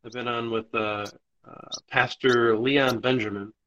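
Slow-talking bright-voiced man. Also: medium pitch, steady tone, dull audio. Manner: hesitant, halting with fillers. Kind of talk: casual chat.

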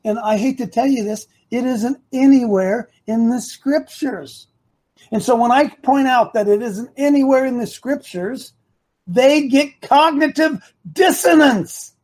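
A man's voice: very high voice, a little slow, dark tone. A man hosting a live opinion talk show, rambling and repeating himself for emphasis while talking to his producer and the chat.

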